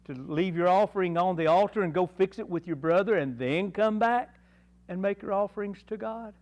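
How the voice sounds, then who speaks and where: A man's voice: high-pitched, normal speed, a little mellow. A man with an East Tennessee accent teaching a Bible lesson at church, earnest and folksy, full of rhetorical questions. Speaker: Sunday school teacher. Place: church classroom.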